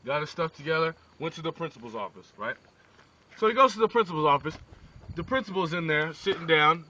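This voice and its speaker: A man telling a rambling joke story in a casual, animated way, often checking in with "right?". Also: a little high, a little fast, slight background noise. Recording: distant lo-fi phone video with crickets.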